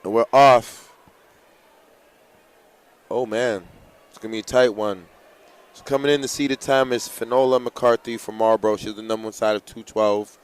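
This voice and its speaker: A man's voice: fairly low pitch, normal speed, pauses often, clean tone. A man announcing a live track meet, hyping runners, reading out heats and giving coaching tips. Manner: excitable, hypes runners and gives coaching tips. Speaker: race announcer.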